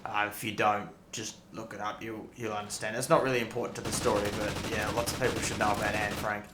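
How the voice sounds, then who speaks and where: A man's voice: lowish voice, flat delivery, fast, noisy background. Young aussie guy rambling and swearing over his gameplay, roomy echo, gunfire going off behind. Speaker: gaming YouTuber. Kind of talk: casual gameplay commentary with storytelling. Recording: echoey room, loud game gunfire. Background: loud game audio with gunfire.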